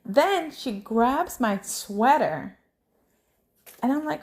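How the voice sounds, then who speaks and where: A woman in her thirties chatting casually at home, telling a story with lively energy. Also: high voice, slow pace, long pauses. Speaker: vlogger. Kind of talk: casual chat. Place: home kitchen.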